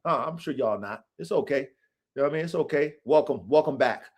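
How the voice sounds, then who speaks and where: A man with a high, light voice holds forth to his viewers in a blunt, combative monologue. His talk is full of cussing and sermon-like swagger, delivered off the cuff. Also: animated, fast talker. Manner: aggressive, profane, preachy street talk. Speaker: show host.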